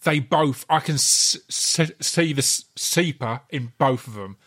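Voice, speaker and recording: A man's voice: mid-range voice, measured pace, fairly bright tone. A man hosting a casual interview, enthusiastic and easygoing as he chats with his guest. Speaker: podcast host.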